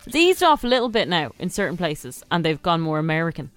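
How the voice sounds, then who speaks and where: Irish female co-host, young, opinionated and chatty, slightly low voice, dry studio. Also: big pitch swings, quick pace, dry recording, faint music behind. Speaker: radio co-host. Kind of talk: casual chat.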